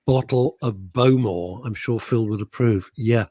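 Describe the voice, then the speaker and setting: A man's voice: mid-range voice, a little slow, no room sound. A man co-hosting a radio show in casual chat, teasing his partner and telling stories with lots of laughter. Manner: teasing, laughs a lot, lively storytelling. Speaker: radio co-host. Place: radio studio.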